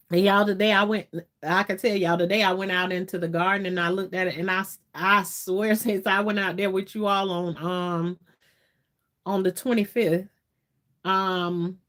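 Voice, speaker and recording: Her mid-range, fairly bright voice stays steady as she talks a little slowly and pauses often. She's a livestream host from Florida, USA, with a Southern accent, laughing a lot while loosely chatting and going through viewer comments.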